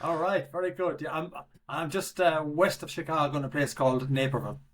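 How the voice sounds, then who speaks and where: A man's voice: a little high, a little fast, fairly bright tone. A middle-aged Irish man, a podcast guest chatting casually with dry, self-mocking humor. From Ireland. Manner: wry, self-deprecating humor. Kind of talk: casual interview chat.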